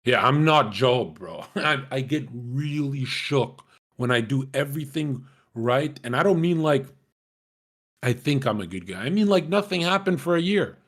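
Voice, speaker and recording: A young man talks through his own memories in a loose, unscripted way, swearing freely and breaking into laughter. His voice sits at an ordinary middle pitch for a man. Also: lively intonation, moderate pace, a bit bright. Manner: casual, swearing, laughing often. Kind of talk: candid personal storytelling.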